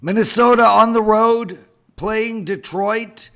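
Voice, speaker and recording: A man's voice: high-pitched, slow pace, vocal fry, fairly bright tone. A man hosting a sports betting talk show, giving blunt, emphatic opinions. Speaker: host.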